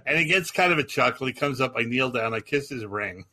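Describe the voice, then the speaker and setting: A man, a stand-up comedian and podcast host, telling animated anecdotes in casual chat. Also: medium pitch, fairly quick, few pauses.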